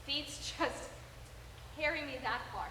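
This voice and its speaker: A teenage girl playing a young woman survivor in a stage play, telling a story slowly and hesitantly. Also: sits high, pushed and bright, full character voice. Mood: hushed. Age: teens. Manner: halting storyteller, slow and hesitant. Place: school auditorium stage. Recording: echoey auditorium from far off, noise.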